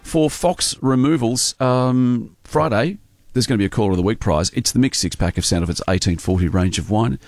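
A man's voice: mid-range voice, a little fast, darkish tone, dry recording. A man hosting a radio show in a studio, chatting in an upbeat way. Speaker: radio host. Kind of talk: breakfast radio chat. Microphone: studio mic.

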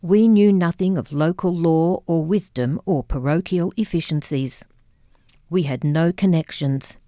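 A woman reading a memoir aloud in a calm, measured way in a radio studio. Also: deep voice, no echo. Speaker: audiobook reader. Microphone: studio mic.

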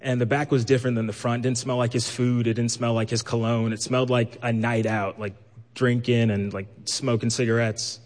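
A man from Brooklyn telling a personal story live, lively and acting out the voices he quotes. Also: medium pitch, moderate pace. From New York, Brooklyn. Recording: long hall reverb.

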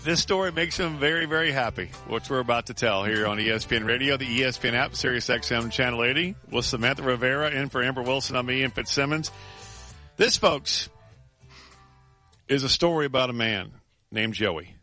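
A man hosting sports radio, telling a story in animated chat full of restarts and laughs. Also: mid-range voice, brisk, faint music behind.

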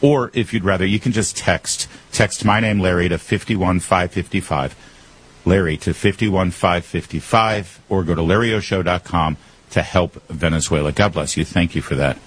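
A man hosting a talk radio show, brisk and lively, his pitch climbing when he gets worked up. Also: breathy edge, low-quality recording. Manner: brisk, rising pitch when excited, laughs easily.

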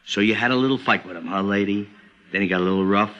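An actor playing a blunt, skeptical police sergeant in a 1940s radio drama, gruff and sardonic. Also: male voice, on the low side, quick pace, fairly bright tone, dull audio, lightly acted.

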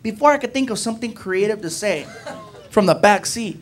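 A male stand-up comedian telling an animated story on stage, acting out the scenes. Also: sits high, brisk. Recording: live comedy club with audience crowd.

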